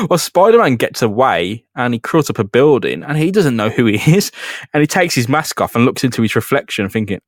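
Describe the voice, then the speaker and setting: A man's voice: mid-range voice, very animated, fairly quick, dry recording, clean studio sound. A man co-hosting a podcast, casually and jokily recapping a comic book. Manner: jokey retelling, acts out characters. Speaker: podcast co-host.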